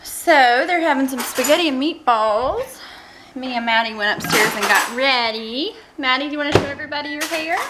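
A woman's voice: high voice, normal speed, background noise. A woman in her thirties, a homeschooling mother, chatting casually to the camera about her family's day at home. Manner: chatty, reads picture books aloud to children. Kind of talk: casual family vlog narration.

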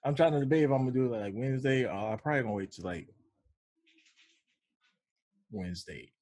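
A man in his thirties chatting casually with friends, slangy and laid-back, sometimes breaking into a high falsetto when he jokes. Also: quick pace, a little mellow, dry recording. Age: 30s. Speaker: podcast co-host. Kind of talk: casual chat.

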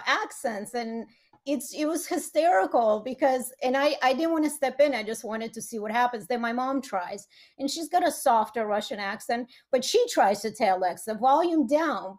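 A woman's voice: high voice, a little mellow. A woman, a matchmaker and author, chatting casually on a podcast and often laughing as she retells family stories. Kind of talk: casual chat.

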